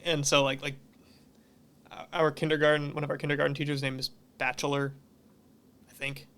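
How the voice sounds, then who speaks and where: Bright, crisp-voiced chatty man. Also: on the high side, little pitch movement, fairly quick. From Massachusetts, near Boston. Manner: rambling, chatty, many "like" fillers. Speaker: musician guest. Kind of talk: casual podcast chat.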